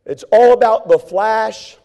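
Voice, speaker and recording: Folksy high-voiced preacher. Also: male voice, measured pace, mellow, highs cut off. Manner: folksy preaching with acted-out asides. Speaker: pastor. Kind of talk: sermon.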